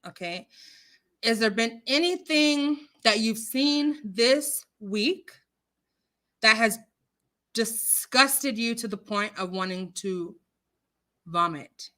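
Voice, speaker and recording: A woman hosting a casual livestream chat, animated and outspoken, quoting scripture and swinging between loud outrage and hushed apologies. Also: a little high, takes it slowly, pauses often. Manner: religious, quotes scripture. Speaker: livestream host.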